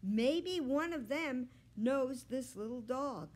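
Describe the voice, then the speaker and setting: A woman voicing an eager young girl in a storybook, calling out in a high, bright voice. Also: animated, slow pace, full character voice.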